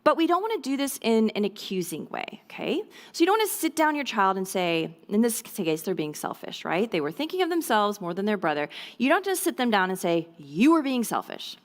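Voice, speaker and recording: Addressing a room of mothers, this speaker teaches about parenting in a church setting, keeping things easygoing and conversational at a typical mid-range pitch. Frequent "right?" and "okay?" check-ins punctuate her talk, along with quick impressions of kids delivered as short quoted lines.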